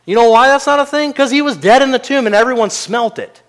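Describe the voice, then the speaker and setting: A man preaching a sermon in an earnest way, moving between quiet asides and loud, emphatic peaks. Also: very high-pitched, quick pace.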